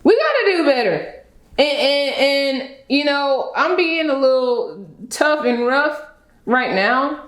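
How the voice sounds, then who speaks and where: A woman's voice: sits high, big pitch swings, slow, a bit bright, reverberant, low-quality recording. A woman giving opinionated reaction commentary as a video host. She talks emphatically and lectures, driving home her points and repeating them with a pointed "okay?".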